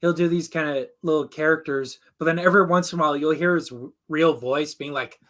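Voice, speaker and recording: A man's voice: a little high, steady tone, fairly bright tone. Eager man quoting cartoons. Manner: enthusiastic, drops quick cartoon impressions. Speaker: co-host reviewing classic cartoons. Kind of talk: casual chat.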